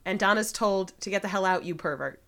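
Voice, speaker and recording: A woman's voice: medium pitch, fairly quick, fairly bright tone. A woman hosting a casual podcast, recapping a TV episode in a playful, joking way. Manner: playful, reads lines in mock voices. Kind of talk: casual chat.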